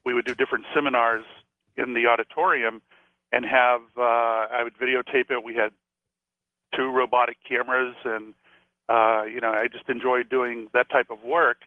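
A man from Florida, a psychic and former police officer, telling stories in a chatty, animated way as a radio guest. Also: medium pitch, moderate pace, no echo. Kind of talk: storytelling on a call-in radio show. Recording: tinny phone line.

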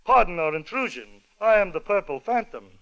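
A man's voice: high-pitched, very animated, moderate pace, a bit bright, no echo, heavily acted, rough recording. A man doing a suave bandit chief, Purple Phantom. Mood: gallant. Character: suave dashing male bandit leader.

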